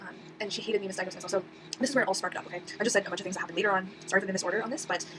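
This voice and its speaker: With a medium pitch and a steady tone, this young woman, a vlogger, races through a rambling personal anecdote. Fillers and false starts fill her casual talk, and background noise can be heard throughout.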